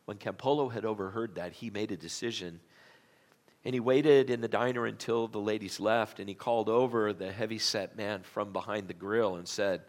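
A man's voice: lowish voice, moderate pace. A male pastor preaching a sermon, telling a story dramatically in a church auditorium. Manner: dramatic storytelling, gets loud at the tense parts.

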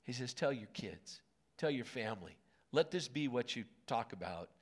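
A man in his late fifties delivers a sermon in an auditorium, talking to the congregation as if chatting with them. He asks them questions along the way and lets his voice go soft and gentle when he wants a word to land. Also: mid-range voice, moderate pace. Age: 50s. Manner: conversational, animated storytelling with asides to the congregation; drops to a soft, gentle tone on key words. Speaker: pastor.

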